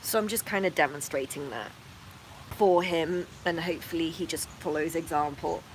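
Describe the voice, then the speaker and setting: A woman hosting a casual vlog, talking softly and gently and cooing to her rabbits between explanations. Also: low-pitched, normal speed, background noise. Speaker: rabbit owner and channel host. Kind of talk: casual vlog narration while tending pets.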